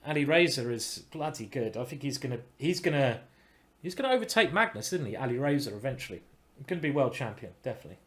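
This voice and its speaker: A man giving casual live-stream chess commentary, thinking aloud with restarts and breaking into excited exclamations. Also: mid-range voice, quick pace. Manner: bursts into excited exclamations at good moves.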